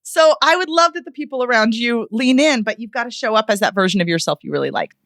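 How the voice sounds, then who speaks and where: A woman vocal coach speaking as a podcast guest, expressive and animated, with playful ironic asides. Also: a little high, fast, no room sound, studio quality. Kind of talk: podcast interview.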